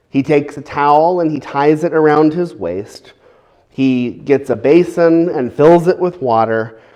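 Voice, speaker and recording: A man's voice: mid-range voice, a little mellow. A man preaching a sermon who explains in a conversational way, with frequent fillers.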